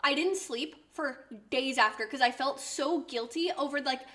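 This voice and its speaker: High-pitched lady streamer rambling away, lots of likes and rights. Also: normal speed, fairly bright tone. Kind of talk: casual stream chat.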